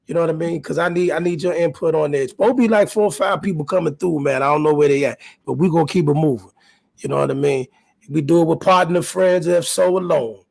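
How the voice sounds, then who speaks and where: Man, boxing stream host, gravelly, husky, fairly high voice, animated. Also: fast. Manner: animated, repeats himself, talks to chat viewers. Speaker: host of a boxing talk livestream. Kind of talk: casual live-stream talk.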